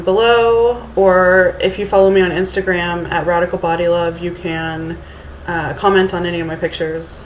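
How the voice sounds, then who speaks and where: Rambling casually into her camera's mic, a Houston, Texas, vlogger in her thirties tells a story in Valley Girl-like speech peppered with ums and restarts. Her voice is on the low side, and the roomy recording has faint ambience, cut-off highs, and a little hiss or hum.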